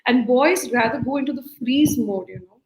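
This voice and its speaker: A woman's voice: a little high, normal speed, darkish tone, roomy sound, a little hiss or hum, low-quality recording. Woman, life coach, earnest advice, acts out voices, repeats phrases, video call. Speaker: life skills coach, guest. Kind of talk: earnest advice talk in a live-streamed interview.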